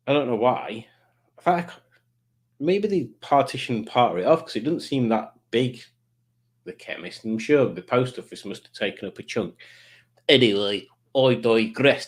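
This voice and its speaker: A middle-aged British man hosting a live chat stream, rambling, self-mocking and easily sidetracked. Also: mid-range voice. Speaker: livestream host.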